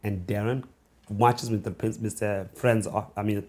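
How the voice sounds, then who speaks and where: A South African man in his forties, an author being interviewed, telling stories from his childhood in a reflective way, with restarts and pauses. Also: lowish voice, steady tone. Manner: reflective, halting restarts, slowing into hushed storytelling. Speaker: author and guest. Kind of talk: conversational interview storytelling.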